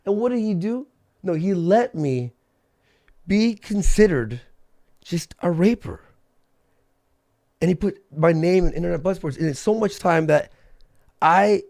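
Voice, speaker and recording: A man's voice: high-pitched, lively intonation, measured pace, gravelly, pauses often, a little mellow. A man ranting angrily on a livestream, agitated and swearing, often repeating himself. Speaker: streamer. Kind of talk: angry livestream rant.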